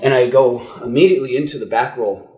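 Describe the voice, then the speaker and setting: Talking fast in a mid-range, slightly mellow voice, a man casually demonstrates jiu-jitsu escapes indoors at a training gym. He repeats words, checks in with "okay?" often, and occasionally sounds strained for breath while caught in a choke. The sound is roomy.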